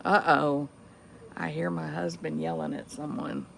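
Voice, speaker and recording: Gravelly, slow-talking woman vlogging outdoors. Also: low voice, sing-song, a bit bright, slight background noise. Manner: chatty, unhurried, talks to viewers and to her dog. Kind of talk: casual morning vlog chat. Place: outdoors by the water at sunrise.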